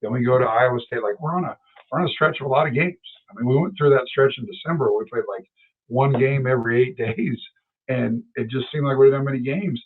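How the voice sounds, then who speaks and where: A man's voice: medium pitch, quick pace, husky. A man co-hosting a sports podcast, chatting casually and rambling through stories with restarts. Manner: rambling, self-correcting storyteller. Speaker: podcast co-host. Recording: tinny phone-like sound.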